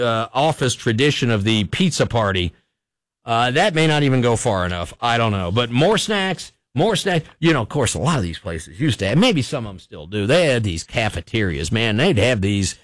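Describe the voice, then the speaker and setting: A man's voice: medium pitch, fairly bright tone, dry recording. A man hosting a local radio talk show, rambling and wry as he comments on the news. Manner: rambling, wry, chuckling at his own jokes. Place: radio studio. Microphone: studio microphone.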